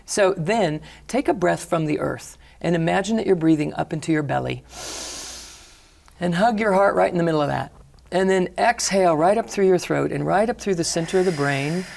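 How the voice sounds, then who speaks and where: A middle-aged woman, a healing teacher, calmly guiding a breathing exercise and talking about her work in an interview. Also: lowish voice, vocal fry. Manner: calm, slow guiding cues. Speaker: energy healing teacher, guest. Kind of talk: guided breathing instruction and interview.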